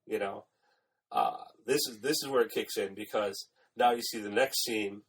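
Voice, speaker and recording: A man's voice: fairly low pitch, moderate pace, recorded from a distance, a little hiss or hum, low-quality recording. A man on a casual podcast retelling a film plot, swearing freely, laughing often and acting out the lines. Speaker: podcast co-host.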